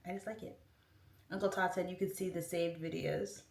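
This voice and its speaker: A woman's voice: on the low side, a little fast, gravelly. Chatty woman livestreaming in a roomy space. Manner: chatty and rambling, heavy use of "like". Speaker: livestream host. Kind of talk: casual livestream chat, reading out comments. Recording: roomy echo, distant mic.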